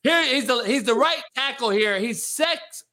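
Man, very high-pitched, bright, loud ranting, heavy swearing, football film breakdown. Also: animated, unhurried. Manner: loud, exasperated ranting with bursts of laughter. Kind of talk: profane casual commentary on recruit film.

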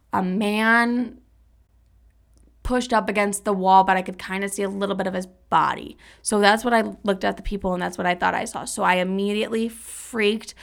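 A young woman in her twenties talks through a wild personal story, blunt and profane. Her voice has a gravelly, fry-heavy edge, and she sits at a middle pitch. She jumps into acting out quotes with lots of drama. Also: a bit bright. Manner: candid, profane, dramatic retelling with acted-out quotes. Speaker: podcast host. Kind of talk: casual storytelling monologue.

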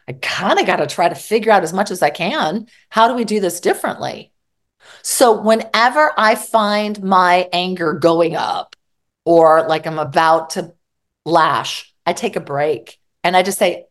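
A woman's voice: lowish voice, moderate pace. Woman, middle-aged therapist, candid, blunt, acts out arguments, conversational. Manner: candid, mildly profane, acts out dialogue. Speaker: psychologist and therapist guest. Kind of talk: conversational advice.

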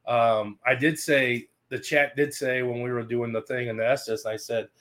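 A man's voice: medium pitch, steady tone, normal speed, a bit bright. Chatty man filling in the details. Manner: chatty, filling in details and correcting the other host. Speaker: paranormal investigation podcast co-host. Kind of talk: casual recap chat.

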